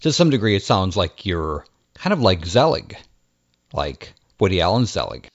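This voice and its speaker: Deep-voiced man interviewer, dull audio. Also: big pitch swings, moderate pace, no echo. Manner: brief, affirming interjections. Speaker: podcast interviewer. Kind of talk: casual interview chat.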